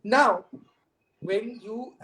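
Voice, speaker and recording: A man's voice: very high voice, very slow. A man in his thirties with an Indian English accent, a film director chatting as a guest, very talkative and laughing often as he tells stories. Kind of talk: casual storytelling. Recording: noisy recording with clicks.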